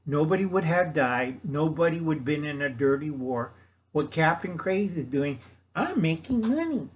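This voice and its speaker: An older man hosting his own channel, rambling through a sarcastic, scattered rant while eating a meal at home. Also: a little high. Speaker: YouTube channel host. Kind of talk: rambling casual monologue.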